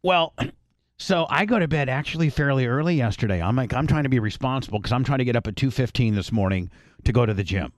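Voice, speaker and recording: A man hosting a podcast, telling a long rambling story in casual chat, swearing freely and clearing his throat often. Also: mid-range voice, lively intonation, fast talker, no echo, studio quality. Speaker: podcast host.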